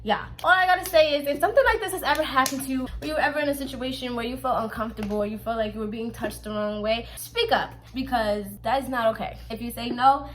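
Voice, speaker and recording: A woman's voice: fairly high pitch, fast, few pauses, a bit bright. A young woman vlogger telling a storytime to her viewers in a blunt, profane, emphatic way, speaking right to them. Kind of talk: casual storytelling to camera.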